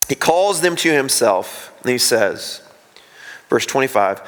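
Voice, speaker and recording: A man preaching a sermon as a pastor, telling the story in an animated way and acting out the voices of the people in it. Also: medium pitch, moderate pace. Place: church sanctuary. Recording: long hall reverb in church.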